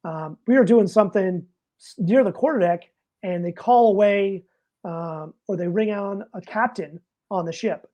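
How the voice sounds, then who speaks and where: A middle-aged man, a retired Navy master chief, telling a story in casual talk, animated and swearing freely. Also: high-pitched, moderate pace.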